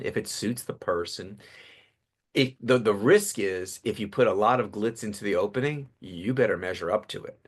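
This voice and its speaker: A man in his fifties, a public speaking coach interviewed as a guest, telling stories with animated delivery. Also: medium pitch. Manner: animated storyteller, acts out voices. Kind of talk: casual podcast interview.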